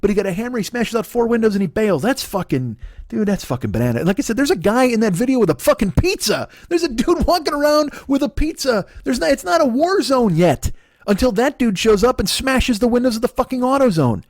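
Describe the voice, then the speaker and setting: A man in his forties ranting in a profane podcast monologue, agitated, sometimes dropping to a mutter and then rising to a shout. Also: extremely high pitch, sing-song, fairly quick, no echo, studio quality. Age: 40s. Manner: agitated, swearing, swings between muttering and shouting. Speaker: podcast host.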